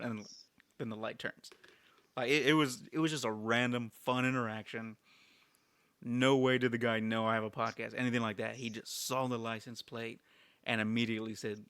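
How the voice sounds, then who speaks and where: A man co-hosting a podcast, telling an animated story in a casual chat full of fillers. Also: mid-range voice, a little fast, clear, resonant tone, no echo. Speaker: podcast co-host.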